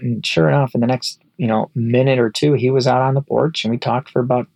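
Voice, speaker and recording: A man's voice: mid-range voice, fairly quick, creaky, a little mellow, dry recording, poor audio. A man in his thirties, a pastor, giving earnest, encouraging advice to ministry leaders in a teaching talk.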